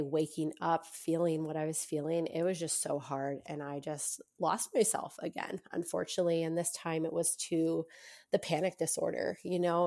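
A young adult woman telling her own story as a podcast guest, chatty, with lots of fillers and quick laughs. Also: low voice, a little mellow. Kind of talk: casual storytelling in an interview.

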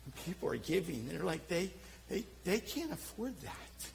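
A middle-aged man with a Philadelphia accent preaching a sermon, telling self-deprecating stories in an animated way. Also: sits high, moderate pace, creaky, slight background noise, low-quality recording. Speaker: pastor.

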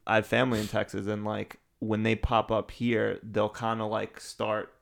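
A man co-hosting a podcast, chatting casually and rambling with plenty of fillers. His voice sits fairly low with a gravelly edge. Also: little pitch movement, moderate pace. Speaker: podcast co-host. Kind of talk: casual chat, reading listener emails.

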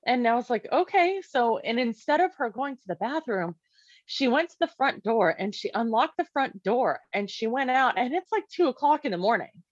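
A woman's voice: fairly high pitch, lively intonation, moderate pace, dry recording, highs cut off. A woman casually telling a personal story as a parent, talking conversationally with many fillers and acting out quoted dialogue.

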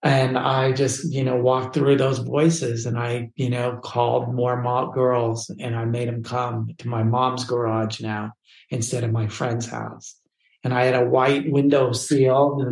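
A man, a photographer guest, telling his life story in a casual, animated way, full of "like" and "dude". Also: mid-range voice. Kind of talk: personal storytelling in a podcast interview. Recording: roomy echo.

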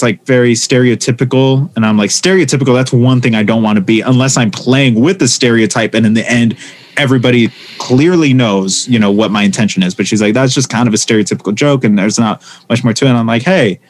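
A man, a stand-up comedian, talking casually and telling animated stories, acting out the voices of the people he quotes. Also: mid-range voice. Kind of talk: casual conversation.

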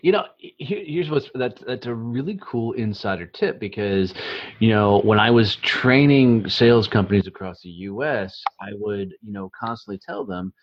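Middle-aged guy hosting a podcast, low husky voice, lots of you-knows, dull lo-fi audio. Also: normal speed, slight background noise. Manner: enthusiastic, filler-heavy, laughs often. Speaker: host. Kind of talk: podcast interview.

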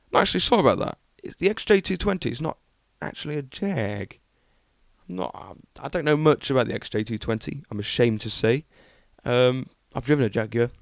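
A man's voice: medium pitch, animated, a little fast, gravelly, no room sound, studio quality. A young man hosting a podcast, chatting casually and enthusiastically about car news with lots of ums. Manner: rambling, enthusiastic, many ums. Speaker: podcast host.

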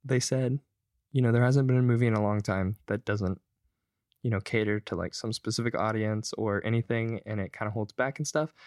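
A man's voice: on the low side, fairly even intonation, fairly quick, darkish tone, no room sound, studio quality. A young man co-hosting a podcast, telling stories loosely and swearing freely in casual chat. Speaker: podcast co-host.

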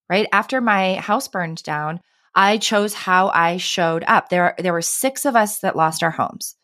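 A woman's voice: medium pitch, lively intonation, a little slow, a bit bright, dry recording, studio quality. A woman in her thirties, a podcast guest, telling personal stories earnestly and with animation, often adding "right?" and "I mean". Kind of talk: conversational interview.

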